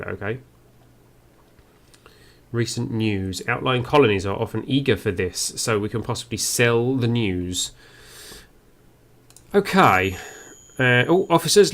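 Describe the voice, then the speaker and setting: A man's voice: fairly low pitch, creaky, a bit bright. A man giving first-play game commentary, musing aloud and reading on-screen text as he goes. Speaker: game streamer.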